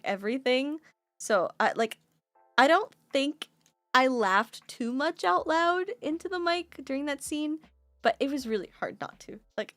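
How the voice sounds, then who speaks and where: A young adult woman streamer in casual chat, animated, often laughing and swearing as she tells a story. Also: high-pitched, no echo.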